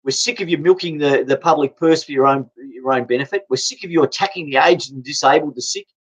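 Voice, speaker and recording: A man's voice: on the high side, quick pace, breathy edge. An Australian man delivering an angry, blunt political rant, swearing and stumbling over repeated restarts. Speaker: political vlogger. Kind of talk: angry ranting monologue. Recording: dull lo-fi recording.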